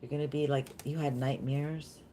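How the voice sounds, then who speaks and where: A woman's voice: a bass voice, steady tone, moderate pace, warm tone, a little hiss or hum. A woman giving a chatty, meandering live tarot reading, easily delighted and talking straight to her viewers. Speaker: tarot reader.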